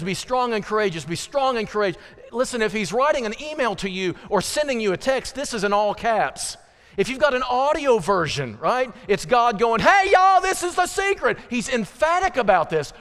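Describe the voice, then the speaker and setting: Preaching a sermon in a church sanctuary, this male pastor speaks in a high, somewhat bright voice. He hammers key phrases through repetition, slows for emphasis, and throws in folksy asides and questions aimed straight at the congregation, all captured with a church hall's long reverb.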